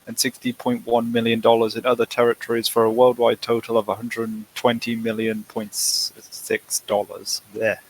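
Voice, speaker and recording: A man on a podcast, making dry, deadpan quips. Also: mid-range voice, normal speed, few pauses, slight background noise, poor audio. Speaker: podcast guest. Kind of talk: casual banter.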